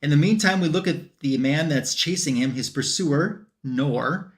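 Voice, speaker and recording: A man's voice: a little high, measured pace. A man hosting a comic book panel stream, recapping a story in loose, rambling casual chat with lots of fillers. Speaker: host of a comic book review show.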